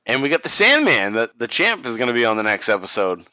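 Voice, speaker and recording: A man's voice: medium pitch, very animated, quick pace, bright, forceful tone, no echo. A man with a Boston accent co-hosting a podcast, chatting casually about old wrestling tapes, laughing often and swearing freely. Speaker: podcast co-host. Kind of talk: casual chat watching wrestling.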